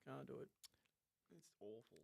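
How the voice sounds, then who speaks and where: A man's voice: normal speed, dry recording, studio quality. A young Australian man with an Australian accent, chatting casually as a podcast guest, laughing often and poking fun at himself. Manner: laughing, animated, self-mocking. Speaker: guest, college punter.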